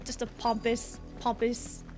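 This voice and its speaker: A woman streamer giving excitable, giggly, casual commentary on a game she is playing. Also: a little high, a little slow, over music. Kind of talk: live let's-play commentary.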